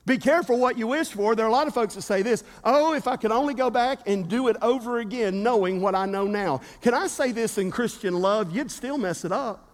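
A man's voice: high-pitched, brisk, few pauses. A man preaching a sermon as pastor, with emphatic repetition and call-and-response with his congregation. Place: church sanctuary. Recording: reverberant hall.

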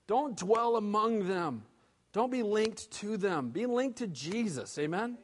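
A high-voiced male pastor preaching with big swings from loud to hushed. His voice rings out with a long reverb, as in a church sanctuary. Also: expressive, a little slow. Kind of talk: sermon.

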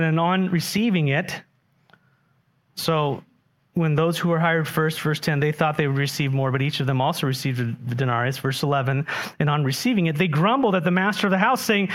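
Animated preaching man, fairly high voice. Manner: animated, asks the congregation questions. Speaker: pastor. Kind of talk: sermon.

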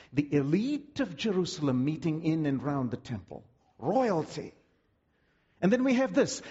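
A man preaching a sermon with dramatic, vivid storytelling and drawn-out words. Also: high-pitched, a little mellow, husky, long reverb tail, dull audio.

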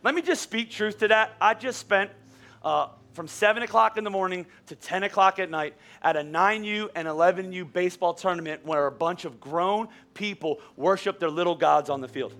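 A middle-aged man preaching a sermon as pastor, conversational and animated, at times rising to near-shouts. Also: high-pitched, moderate pace.

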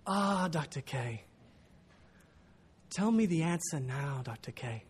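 A man's voice: a little high, expressive, takes it slowly, slightly rough, exaggerated voice. A man voicing a young Ugandan student with a Ugandan accent, insistently pleading with his teacher. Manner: pleading, urgent.

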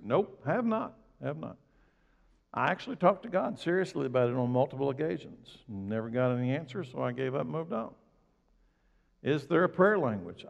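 A male pastor giving a conversational sermon, telling stories and rising and falling sharply as he preaches. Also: creaky. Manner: conversational, storytelling preacher with big swings in pitch and loudness. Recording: dull recording with long hall reverb.

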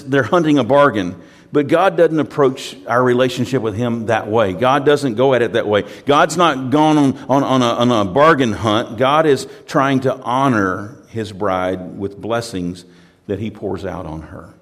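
A man's voice: on the low side, in a large hall. A pastor from the United States preaching a sermon in a conversational, storytelling way, often repeating words as he restarts.

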